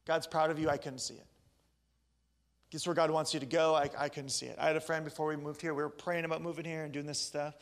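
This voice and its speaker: A man, preaching a sermon in a casual, joking, animated way. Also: fairly high pitch, quick pace. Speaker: pastor.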